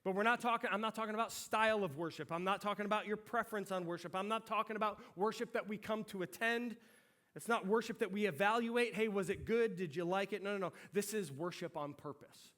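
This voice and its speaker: A middle-aged man pastor preaching a sermon, telling a story in an animated, conversational way. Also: sits high, fast.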